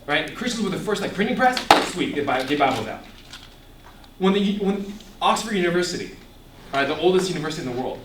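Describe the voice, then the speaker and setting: A young man giving an animated ministry talk to a young audience, asking the room questions and laughing often. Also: a little high, distant mic, a little hiss or hum. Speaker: ministry speaker. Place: echoey room before a live audience. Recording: echoey room, voice picked up from afar.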